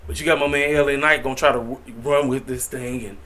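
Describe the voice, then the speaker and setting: A man's voice: medium pitch, steady tone, quick pace, fairly bright tone. A man giving a casual opinion rant as a wrestling vlogger, exasperated and repetitive, with slangy asides.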